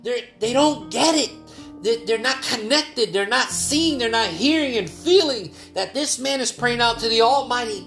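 A male pastor preaching a devotional sermon with earnest urgency that swings between loud calls and soft, quiet passages. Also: very high voice, expressive, normal speed, echoey room, soft background music.

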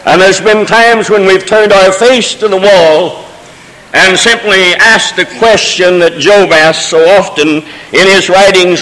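A man's voice: high voice, a little slow, a bit bright. A man preaching a Sunday sermon, moving between folksy asides and rising, emotional cadences. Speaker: pastor. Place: church sanctuary during a service. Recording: long reverb of a church hall.

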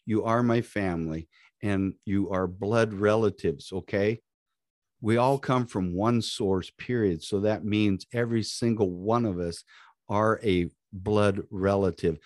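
A man's voice: lowish voice, a little slow, darkish tone, no room sound, clean studio sound. A man co-hosting a live podcast, talking in a motivational, preachy, encouraging way. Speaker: podcast co-host.

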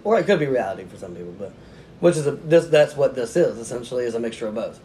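A man in casual podcast chat, telling a long story about himself with a self-mocking streak and frequent laughter. His voice sits at a medium pitch, with a faint low rumble behind it. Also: expressive, quick pace, dark tone. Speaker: podcast guest, author.

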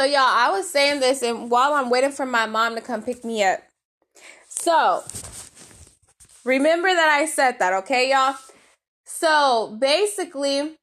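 A young woman vlogger with a high-pitched, somewhat bright voice tells her viewers a casual story, chatty and devout. She calls them y'all and adds prayerful asides while her allergies act up and her nose itches.

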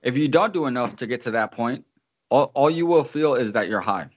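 A man's voice: medium pitch, animated, a little fast, muffled recording. Man, podcast banter, profane, says bro a lot, casual advice-giving.

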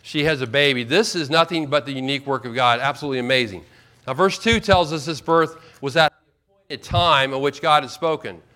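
A man preaching a sermon as pastor, emphatic, slowing right down to stress key words. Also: mid-range voice, pushed and bright. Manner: emphatic, with slow drawn-out stresses.

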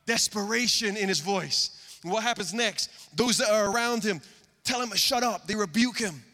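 A man preaches a sermon from a stage in a high, bright voice. He is earnest, swinging between loud emphasis and near-hushed lines. A long hall reverb trails every word. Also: moderate pace. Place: stage before a live congregation.

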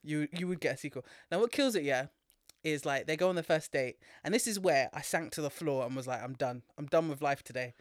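A speaker, co-hosting a casual podcast and retelling a film in an animated way, laughing often and swearing freely. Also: mid-range voice, fairly quick, dry recording, clean studio sound. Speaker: podcast co-host.

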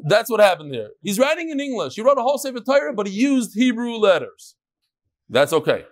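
A man teaching a Talmud class, asking and answering his own questions in an animated, rhetorical way. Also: sits high, brisk, crowd noise.

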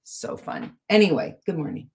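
Middle-aged woman cohosting a chat show, low voice that jumps all over, chatty and self-mocking. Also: normal speed, husky. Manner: chatty, self-deprecating, animated swings in pitch. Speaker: podcast co-host. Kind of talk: casual chat and reading aloud.

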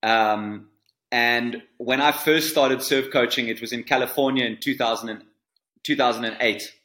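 A man's voice: mid-range voice, fairly even intonation, normal speed, sharp tone. A man in his forties, a surf coach being interviewed, telling a story earnestly and often repeating words as he finds them. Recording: roomy echo.

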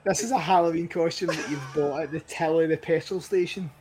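A man's voice: a little high, fairly quick, a crowd in the background. A man guesting on a podcast, chipping in with dry, teasing quips. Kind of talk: casual chat. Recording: music playing underneath.

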